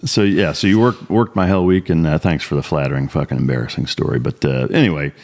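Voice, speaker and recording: Low-voiced profane man from Iowa. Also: gravelly, a little mellow. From Iowa, USA. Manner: profane, halting, full of restarts and laughs. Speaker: podcast host. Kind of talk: casual storytelling chat.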